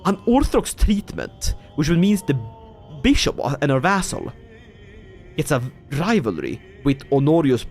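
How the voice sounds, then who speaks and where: A Swedish man with a fairly high voice speaks at normal speed over faint background music while playing a strategy game on stream. His casual commentary is lively and playful, with plenty of laughter and chatter with his viewers.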